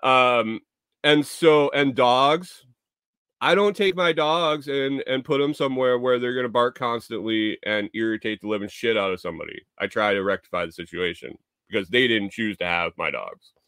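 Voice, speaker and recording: A man's voice: medium pitch, moderate pace, fairly bright tone, clear, resonant tone, no room sound, studio quality. A man telling a rambling, profane story in a casual vlog, sounding exasperated. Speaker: vlogger.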